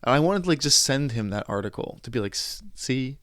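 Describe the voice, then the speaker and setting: A young adult man hosting a podcast, telling anecdotes in a casual monologue, animated, quoting others and restarting his sentences. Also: medium pitch, brisk, no echo, clean studio sound. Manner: animated storytelling, quoting others, frustrated asides, frequent restarts. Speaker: podcast host.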